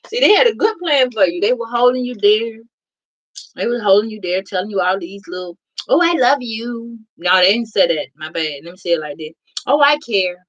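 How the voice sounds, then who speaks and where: A tarot reader talks directly to viewers in a casual session, swearing freely and making her points bluntly and emphatically. Her pitch is medium, and the audio comes across dull.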